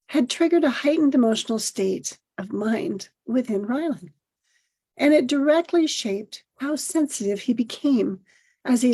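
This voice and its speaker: A middle-aged woman hosting a podcast, reading a personal essay aloud in a gentle, measured storytelling manner. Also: on the high side, slightly rough. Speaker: podcast host.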